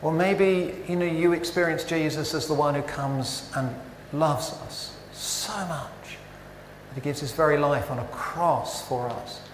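A man's voice: on the high side, measured pace, slight background noise. A man preaching a sermon in a church, conversational and full of rhetorical questions. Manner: conversational, self-interrupting, animated rhetorical questions. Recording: echoey church with long reverb.

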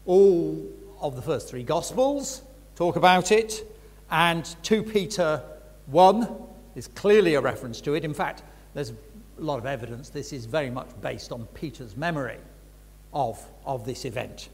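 An older man teaches scripture in a frank, conversational way, leaning hard on key words. His voice is husky and sits a little high for a man. The sound rings with the long reverb of a large hall. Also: animated, measured pace. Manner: frank and conversational, with emphatic stresses. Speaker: preacher. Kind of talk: reflective Bible teaching talk.

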